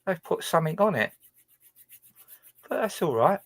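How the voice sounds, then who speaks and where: A man's voice: sits high, sing-song, moderate pace, no room sound. Guy rambling on his stream, lots of swearing and restarts, pretty dry sound. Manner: rambling, hesitant, heavy swearing. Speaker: livestreamer. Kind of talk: casual livestream chat. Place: his own boat.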